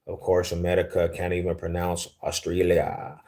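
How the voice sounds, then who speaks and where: Young male streamer from Denver, lowish voice, relaxed slangy chat-reading delivery. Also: measured pace. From Denver, Colorado, US. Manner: laid-back, slangy, easily amused. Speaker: livestream host. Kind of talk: casual livestream chat reading viewer comments.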